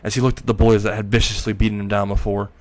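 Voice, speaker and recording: A man's voice: fairly low pitch, flat delivery, quick pace, darkish tone. A man narrating an improvised fan story in a rambling way, often correcting himself.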